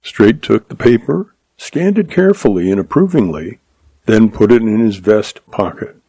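A man reading a Western story aloud in a steady, measured narration. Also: lowish voice, breathy edge, no room sound. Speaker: audiobook narrator.

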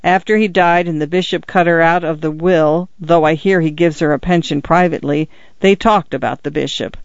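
A man's voice: a little high, fairly even intonation, moderate pace, creaky, no room sound. A man reading as a weary, curt old priest. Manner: curt, dry. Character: weary, cold-mannered priest turning fifty-nine. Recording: dull lo-fi recording.

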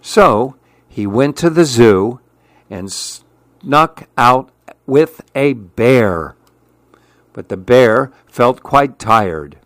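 A man narrating a rhyming storybook in a measured, rhythmic, expressive way. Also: medium pitch, no room sound, clean studio sound.

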